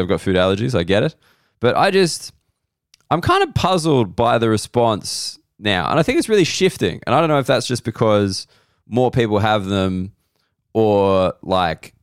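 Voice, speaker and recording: Rambling Australian man, low and smooth. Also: no echo, clean studio sound. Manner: rambling, profane, self-mocking asides. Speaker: podcast host. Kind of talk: casual comedic monologue.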